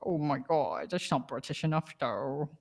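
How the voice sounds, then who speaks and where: Brief: low-pitched woman, roleplay player, playful and teasing, mock-posh. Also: expressive, moderate pace. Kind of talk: in-character game roleplay chat.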